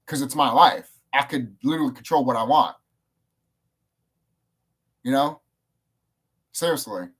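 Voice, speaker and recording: A man rambling casually to the camera, swearing often and jumping up in pitch when he gets excited. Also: measured pace, long pauses, husky. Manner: rambling, profane, excitable, with sudden jumps up in pitch. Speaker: video creator. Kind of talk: casual monologue.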